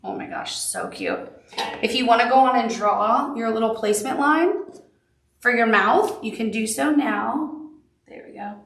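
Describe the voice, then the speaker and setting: A woman's voice: a little high, normal speed, gravelly, a bit bright, roomy sound, recorded from a distance, slight background noise. A woman with a Southern accent leads a live quilting tutorial, chatty and upbeat, with cute little asides. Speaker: quilting instructor.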